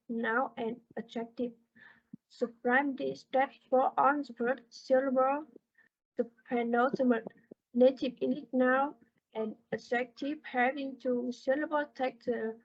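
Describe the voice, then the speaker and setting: Slow high-voiced woman reading a lesson. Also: breathy edge. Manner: slow, careful reading with halting pauses. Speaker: student presenter. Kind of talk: reading a class presentation on word stress. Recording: dull lo-fi recording.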